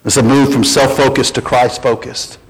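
A man preaching a sermon as pastor, folksy and animated, building to strong emphasis. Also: mid-range voice, normal speed, husky, big-room sound.

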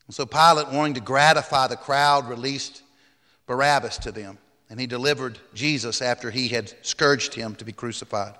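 A man's voice: medium pitch, moderate pace, bright, forceful tone. Man preaching in a reverberant church. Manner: reads scripture dramatically, raising voice on quoted cries. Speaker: pastor. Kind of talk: sermon with scripture reading.

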